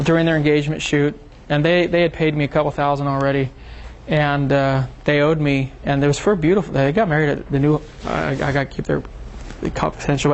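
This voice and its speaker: A man's voice: on the high side, dull audio. A man presenting a seminar to a small group, talking casually and acting out quoted exchanges as he tells a story. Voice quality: animated storyteller, acts out quotes.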